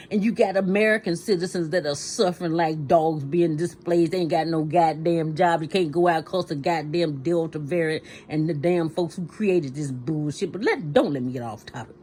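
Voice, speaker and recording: A woman's voice: lowish voice, darkish tone, low-quality recording. A tired woman in a personal vlog rant, outspoken, heated and profane, talking in her kitchen late at night. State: tired and sleepy. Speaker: vlogger.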